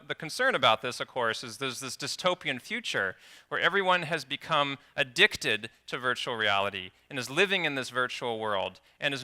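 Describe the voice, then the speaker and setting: A man giving a conference talk, telling patient stories in an animated way with a few restarts. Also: mid-range voice, clean tone. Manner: storytelling, animated with some restarts. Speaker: conference speaker. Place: conference hall.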